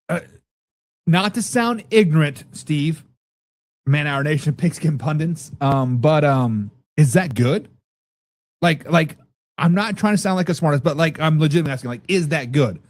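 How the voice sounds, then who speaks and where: A man hosting a casual football talk show, reading viewer comments and reacting loudly with profanity. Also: on the high side, normal speed, long pauses, dry recording. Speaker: podcast host reading live chat.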